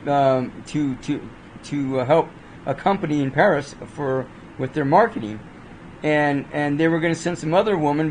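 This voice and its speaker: A man's voice: fairly high pitch, darkish tone, slight background noise, poor audio. A man casually reviewing movies off the cuff, rambling with many fillers and restarts.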